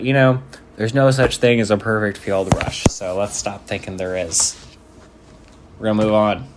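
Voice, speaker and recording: A man's voice: lowish voice, slight background noise. A man giving casual, joking commentary over game footage, laid-back and swearing freely. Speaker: sports video commentator.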